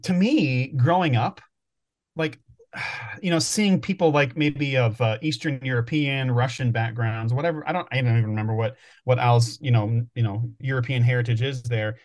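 A man's voice: mid-range voice, moderate pace, darkish tone. A man co-hosting a podcast, telling stories in a rambling, thinking-aloud way during casual chat. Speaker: podcast co-host.

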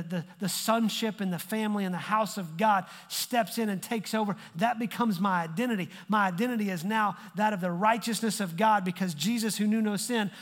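A male pastor delivering a sermon in a conversational way, repeating phrases for emphasis. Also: high voice. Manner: conversational preaching with emphatic repetition. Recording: long hall reverb.

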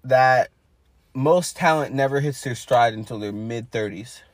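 A man's voice: mid-range voice, measured pace, dry recording. A man co-hosting a casual wrestling podcast, recapping matches blow by blow with many fillers. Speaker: podcast co-host.

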